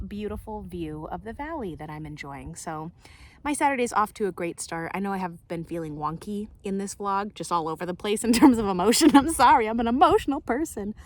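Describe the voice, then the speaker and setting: A young adult woman vlogging in a casual, chatty way, often laughing, recorded on a handheld camera outdoors and in her car. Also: fairly low pitch. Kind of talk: casual vlog chat.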